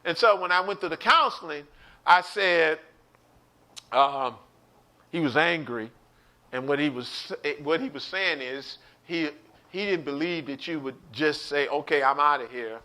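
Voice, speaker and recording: A man's voice: fairly high pitch, measured pace, pushed and bright. A man teaching an online Bible study sermon, preaching with animation, acting out quotes and speaking straight to his listeners.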